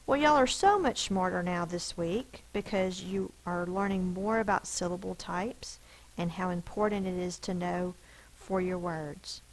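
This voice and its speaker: A woman's voice: on the low side, measured pace, poor audio. A woman teacher giving a spelling lesson to children, sounding out letters and syllables one by one.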